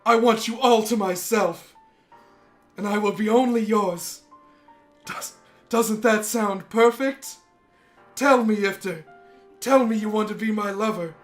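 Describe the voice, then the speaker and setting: Yuri, a man voicing a hushed, obsessive young woman. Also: on the high side, measured pace, long pauses, soft background music. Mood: feverish. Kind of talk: reading visual novel dialogue aloud.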